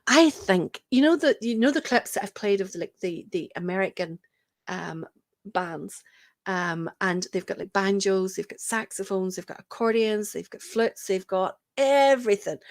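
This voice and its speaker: A woman's voice: mid-range voice, no room sound, studio quality. A woman hosting an online show, chatting casually and rambling with fillers. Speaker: host. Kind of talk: casual livestream chat.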